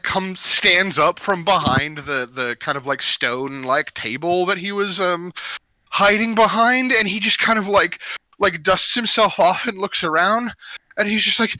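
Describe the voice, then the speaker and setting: Bright-voiced male game master narrating. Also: sits high, lively intonation, measured pace, dry recording, low-quality recording. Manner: loose and rambling, many "like"s.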